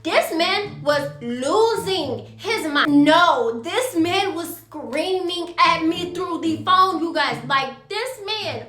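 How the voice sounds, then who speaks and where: A woman's voice: extremely high pitch, expressive, takes it slowly, few pauses, fairly bright tone, reverberant. A young woman in a storytime vlog, talking animatedly and calling her viewers y'all. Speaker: vlogger.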